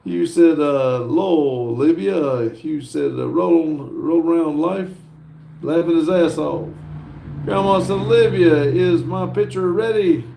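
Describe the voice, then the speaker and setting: A man's voice: on the high side, creaky, warm tone, a little hiss or hum. Laid-back man reading chat, roomy echo. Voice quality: laid-back, chuckles often between messages. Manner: unhurried, with frequent "uh" fillers. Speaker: livestream host. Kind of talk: casual livestream, reading viewer chat aloud.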